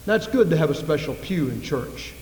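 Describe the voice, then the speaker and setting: A man's voice: a little high, animated, fairly quick, darkish tone, a little hiss or hum. A man preaching a sermon to his congregation, emphatic and full of rhetorical questions, recorded in a church. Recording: echoey hall reverb.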